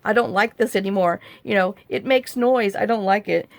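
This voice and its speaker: A woman voicing a skittish female pet dog, whiny and fretful, in a gravelly voice. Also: medium pitch, moderate pace, no echo, natural voice.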